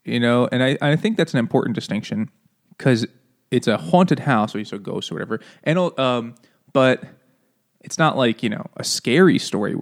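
A man co-hosting a casual book club podcast, retelling the story with joking mock quotes. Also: mid-range voice. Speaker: podcast co-host.

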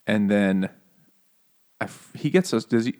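A man's voice: on the low side, animated, darkish tone. A man co-hosting a casual book podcast, joking crudely and laughing often. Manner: joking, profane, quick to laugh. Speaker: podcast co-host. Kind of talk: casual book-discussion banter.

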